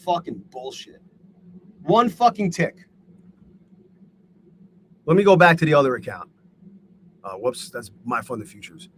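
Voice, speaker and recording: Man, high voice, live trading stream host, profane, exasperated ranting. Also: sing-song, unhurried, long pauses, fairly bright tone, a little hiss or hum. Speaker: livestream host and day trader. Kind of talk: live trading commentary to chat.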